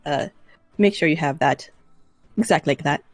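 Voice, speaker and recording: Husky-voiced woman at a tabletop game. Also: sits low, moderate pace, no room sound, faint music behind. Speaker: player. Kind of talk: casual tabletop game play.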